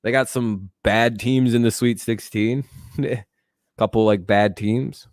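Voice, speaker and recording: A man's voice: on the low side, fairly even intonation, takes it slowly, dry recording, clean studio sound. A man hosting a casual live sports talk stream. He talks back to his chat and swears freely. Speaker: streamer host.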